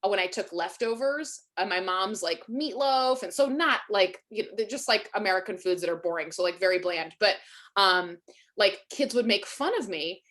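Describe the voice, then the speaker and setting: A woman's voice: mid-range voice, moderate pace. Chatty woman hosting a webinar. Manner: animated storyteller, acts out quoted voices; many fillers like "you know" and "like". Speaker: webinar host. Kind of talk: casual conversation.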